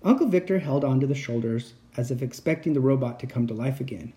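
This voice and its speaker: A man narrates a spooky children's chapter book, reading fast in a steady yet expressive way. His pitch rises and falls with liveliness, and his tone is dark and mellow.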